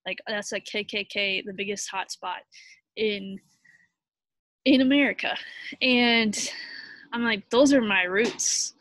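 A young woman telling a personal story in a halting, heartfelt way, full of fillers and restarts, sounding tired. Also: medium pitch, fairly even intonation, fairly bright tone, no echo. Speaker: vlogger.

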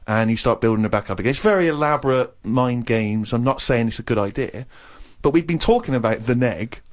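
A man in his thirties, co-hosting a radio podcast and telling a comic anecdote, acting out other people's lines. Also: medium pitch. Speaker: co-host.

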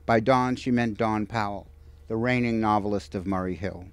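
A novelist reading from his book at a bookstore event, in a measured, expressive manner. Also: fairly low pitch, clean tone, no room sound.

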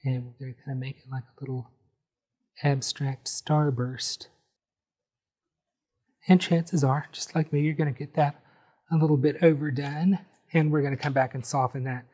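A man calmly talking through a step-by-step painting tutorial, explaining each brushstroke as he goes. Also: medium pitch, husky. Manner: friendly, unhurried, explains each brushstroke as he works. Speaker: painting instructor.

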